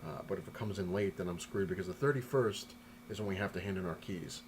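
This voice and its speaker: A man with a fairly low voice rambles through a home vlog from his apartment. He speaks loosely and chattily, repeating himself as he goes. A faint hiss sits under the recording. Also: fast. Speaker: collector vlogger showing his haul. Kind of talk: casual rambling vlog talk.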